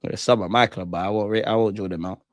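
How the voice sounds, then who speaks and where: A man's voice: lowish voice, fast, no room sound, clean studio sound. Banter-heavy young man streaming. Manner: excitable, banter-heavy, trash-talking. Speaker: streamer hosting a football watch-along. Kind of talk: casual live commentary, chatting with viewers.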